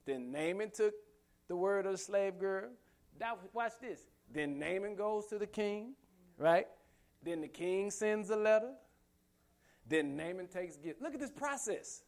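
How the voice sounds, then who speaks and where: A man's voice: sits high, lively intonation, a little slow, darkish tone. A man preaching a sermon with emphatic rhetorical questions and humorous asides. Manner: humorous asides, laughs often.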